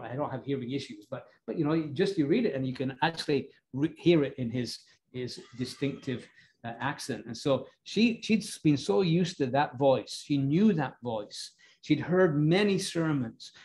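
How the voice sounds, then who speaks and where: A man's voice: fairly high pitch, darkish tone. A man preaching a Bible sermon in a chatty way, often asking his listeners questions. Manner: conversational, asks the congregation questions. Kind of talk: expository sermon.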